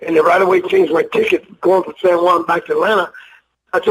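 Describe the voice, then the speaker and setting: A man's voice: high-pitched, flat delivery, a little fast, noisy background. An older man, a retired wrestler, telling rambling, profane, emotional stories in a casual interview. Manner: rambling, profane, emotional storyteller who acts out voices.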